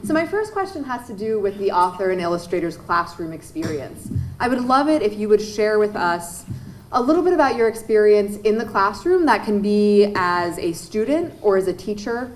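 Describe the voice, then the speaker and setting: A woman's voice: medium pitch, animated, normal speed, slight background noise. A woman moderating a panel, reading author introductions and asking the first question. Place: event hall.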